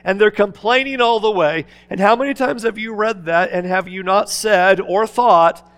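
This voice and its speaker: High, gravelly man preaching with passion. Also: moderate pace, hardly any pauses. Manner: impassioned preaching, swinging between loud urging and hushed asides. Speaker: pastor. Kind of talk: sermon.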